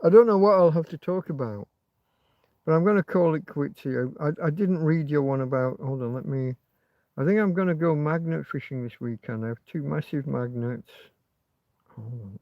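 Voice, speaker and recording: A man's voice: a little high, normal speed, no room sound, dull audio. A man hosting a casual livestream from inside a tent, rambling and swearing freely. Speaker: livestream host.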